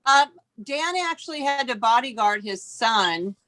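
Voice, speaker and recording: A woman's voice: a little high, animated, a little slow, bright, forceful tone. A woman on a casual video-call chat, passing along anecdotes in a chatty way.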